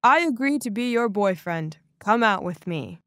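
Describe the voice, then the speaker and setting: A woman voicing a pushy, overfamiliar young man in an animated story. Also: medium pitch, moderate pace, no room sound, clean studio sound. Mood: coaxing. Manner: insistent, overfamiliar.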